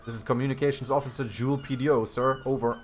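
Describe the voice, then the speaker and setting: A man's voice: medium pitch, steady tone, fast talker, soft background music, lightly acted. Male streamer voicing elderly radio operator; rattly, clipped relay-code delivery. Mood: formal.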